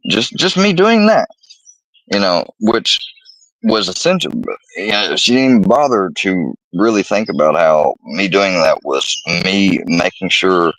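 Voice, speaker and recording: A man's voice: mid-range voice, a bit bright, dry recording, rough recording. A young man ranting about a personal dispute, profane and rambling, exasperated. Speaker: vlogger telling a personal story. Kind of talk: heated personal rant.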